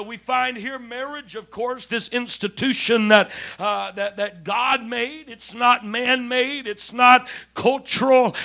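A man preaching a sermon as pastor, with many restarts, who stresses key words slowly and rises to shouts. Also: very high voice.

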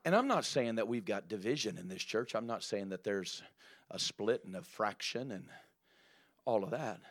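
A preacher delivering a church sermon in an emphatic voice that builds to loud, rising exclamations. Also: male voice, lowish voice, lively intonation, moderate pace.

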